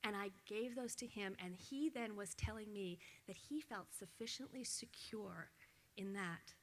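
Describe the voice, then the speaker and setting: A woman's voice: mid-range voice, unhurried, slight background noise. A middle-aged woman giving an award acceptance speech, telling a personal story and acting out her son's words. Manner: storytelling, acts out her son's lines with animated voice.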